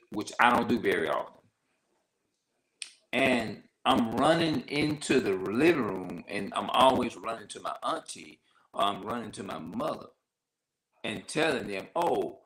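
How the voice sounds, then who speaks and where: A man with a fairly low voice talks in a loose, casual monologue. He circles back over his points and keeps asking whether you follow. When he quotes other people, his voice jumps sharply higher. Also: animated, moderate pace, a bit bright, poor audio. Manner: repetitive, conversational, often asks "you see what I'm saying". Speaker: vlogger.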